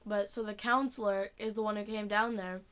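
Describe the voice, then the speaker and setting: A woman's voice: medium pitch, steady tone, brisk, a bit bright, clean tone. A teenage woman telling a school story in a casual, profane vlog rant, full of "like". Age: teens. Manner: casual, profane, heavy use of "like". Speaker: student.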